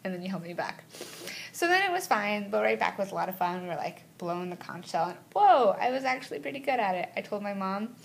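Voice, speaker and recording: A woman vlogger telling a story casually to camera, chatty and animated, often saying "like" and "right?". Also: medium pitch, fast, vocal fry, slight background noise. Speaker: travel vlogger.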